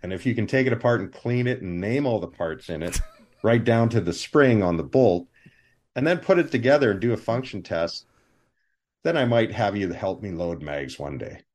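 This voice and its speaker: A man, a film armorer, telling animated anecdotes with voiced quotes in a live interview over a video call. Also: fairly low pitch, normal speed.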